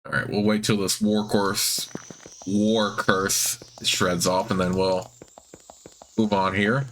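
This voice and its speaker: A man hosting a let's play, reading the game text aloud in a plain, even way with offhand asides. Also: on the low side, slow pace, a little hiss or hum.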